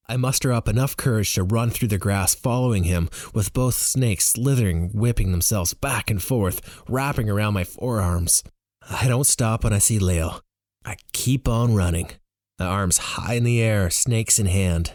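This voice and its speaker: A man narrating a novel in the first person with an animated, expressive reading. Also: lowish voice, moderate pace, no room sound, clean studio sound. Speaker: audiobook reader.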